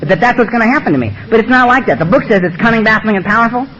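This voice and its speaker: Fast-talking, blunt, high-voiced man. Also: lively intonation, fairly bright tone. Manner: blunt, streetwise and emphatic. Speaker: recovery meeting speaker. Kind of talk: personal testimony talk. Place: meeting room. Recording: dull lo-fi recording.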